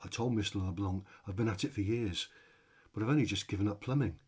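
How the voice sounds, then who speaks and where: A man's voice: lowish voice, quick pace, slightly rough. A man voicing a hapless, cheerful circus magician who chats breezily and shrugs off his disasters, in a storybook reading. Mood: breezy. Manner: breezy, unbothered, chatty.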